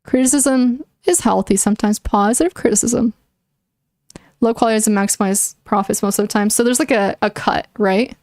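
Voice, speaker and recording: Answering viewers in a casual livestream chat, a young woman thinks out loud, earnest and opinionated, with lots of "likes" and restarts. Her voice sits on the high side with a darkish tone and normal speed, in clean studio sound without room sound.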